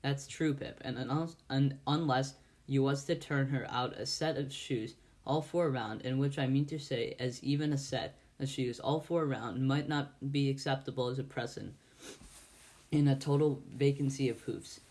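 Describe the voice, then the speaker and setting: A man voicing a plain-spoken, kindly village blacksmith, slow and deliberate in an amateur audiobook reading. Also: mid-range voice, fairly even intonation, a little mellow, natural voice. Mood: earnest. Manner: ponderous, deliberate, rustic grammar.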